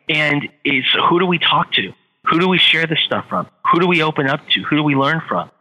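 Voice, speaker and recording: A man's voice: on the high side, bright, forceful tone, slightly rough, long reverb tail, rough recording. A middle-aged man, a guest on an interview show, telling his story with energy and repeating phrases for effect. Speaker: guest, author and entrepreneur.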